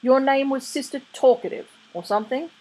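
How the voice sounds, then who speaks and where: A woman voicing a sardonic, touchy male demon who talks in a snappish, exasperated way, with a breathy voice. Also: high voice, a little fast, warm tone, voice pushed up, low-quality recording.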